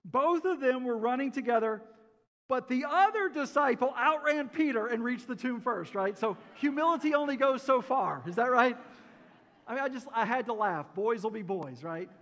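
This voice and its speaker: A male pastor with a fairly high voice, preaching a folksy, joking sermon. He keeps asking the congregation questions. His voice carries the long reverb of a church sanctuary. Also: expressive, normal speed, a bit bright.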